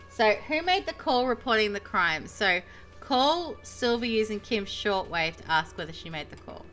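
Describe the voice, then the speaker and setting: A woman streamer chats and reads dialogue choices aloud with a lively, swooping pitch. Her voice is bright and slightly high, with faint music in the background. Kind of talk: let's play, reading dialogue aloud.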